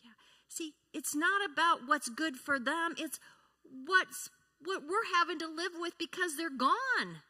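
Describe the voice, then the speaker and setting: Woman church speaker, bright tone, interactive teaching style that quizzes the audience. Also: extremely high pitch, animated, unhurried. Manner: asks the audience questions and acts out example replies. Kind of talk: teaching talk to a congregation.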